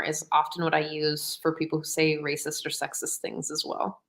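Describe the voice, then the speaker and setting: Animated, laughing woman co-host. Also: deep voice, normal speed. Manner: animated, laughs often, acts out quotes. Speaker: podcast co-host. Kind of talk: casual chat.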